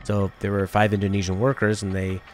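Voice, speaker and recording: A man's voice: fairly low pitch, completely flat delivery, a little fast, faint music behind. A man streaming a game with a friend, chatting and telling a story, sometimes reading the game's lines aloud in playful voices. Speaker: let's play streamer. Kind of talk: casual gameplay chat, reading game dialogue aloud.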